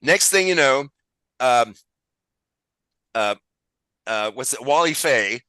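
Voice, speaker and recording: A man's voice: mid-range voice, animated, slow pace, bright, forceful tone, smooth, no echo, poor audio. A man hosting a podcast, casually retelling a film plot and acting out lines in put-on voices. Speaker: podcast host.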